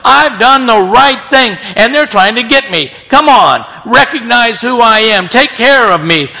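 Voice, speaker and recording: A man's voice: high-pitched, creaky, sharp tone, voice pushed up, exaggerated voice. A man putting on a whiny self-pitying prophet. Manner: whiny and pleading. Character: self-pitying, indignant male prophet begging for credit. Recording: long reverb in a large hall.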